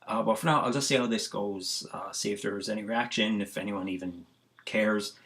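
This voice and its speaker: A man's voice: fairly low pitch, fairly even intonation, moderate pace, a bit bright. A man with an Irish accent musing aloud in a casual monologue, rambling with lots of fillers and restarts. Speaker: vlogger.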